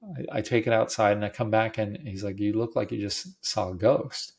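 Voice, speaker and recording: A man's voice: fairly low pitch, moderate pace, gravelly, breathy edge. A middle-aged man hosting a podcast, telling a personal story in a rambling, casual way with many fillers and restarts. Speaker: podcast host.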